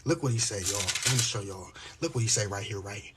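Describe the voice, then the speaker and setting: A man's voice: lowish voice, a little fast, a bit bright, breathy edge. A man talking casually to his viewers, reading scripture aloud and preaching emphatically with lots of profane slang. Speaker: vlogger.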